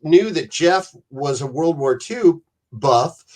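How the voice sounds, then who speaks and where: A man's voice: fairly high pitch, animated, slow pace, darkish tone. A man who is a podcast guest, telling rambling, profane stories in casual chat and slipping into voices.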